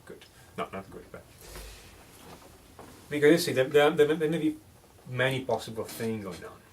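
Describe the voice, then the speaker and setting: A man's voice: medium pitch, lively intonation, moderate pace, distant mic, a little hiss or hum. A man teaching songwriting in a casual one-on-one lesson, joking and often restarting his phrases.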